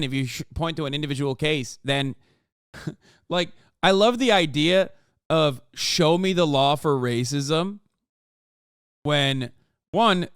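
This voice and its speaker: Loud, profane man reacting on stream. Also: mid-range voice, clean tone, no room sound, studio quality. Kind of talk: live reaction commentary.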